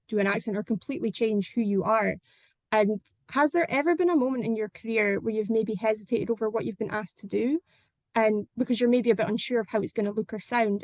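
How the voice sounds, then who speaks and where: Woman interviewer, higher voice, dry sound. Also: dry recording. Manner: long, carefully built questions. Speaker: podcast interviewer. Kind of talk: interview questions.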